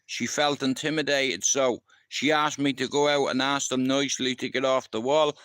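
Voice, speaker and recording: A man's voice: medium pitch, steady tone, moderate pace, hardly any pauses, a bit bright, no room sound. A middle-aged Irish man telling rambling stories from his past in casual talk, swearing freely and often checking that the listener understands. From Ireland. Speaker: livestream host. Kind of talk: casual storytelling.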